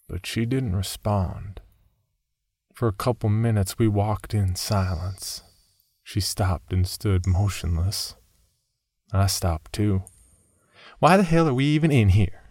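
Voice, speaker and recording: A man reading a first-person horror story aloud in a measured, somber scripted narration. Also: low-pitched, a little mellow, no echo, clean studio sound.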